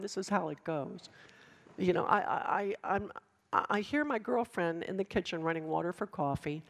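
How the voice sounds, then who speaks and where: Gravelly, lively woman preaching passionately. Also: medium pitch. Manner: passionate, emphatic preaching with dramatic pauses. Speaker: speaker addressing students. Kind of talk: sermon.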